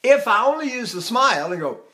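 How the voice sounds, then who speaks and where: An older man runs a singing lesson, his speaking voice sitting high for a man. He chats in a loose, animated way and keeps breaking into sung vowels and scales to show his point. Now and then he mimics poor technique with exaggerated sounds. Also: a little fast. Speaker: voice teacher.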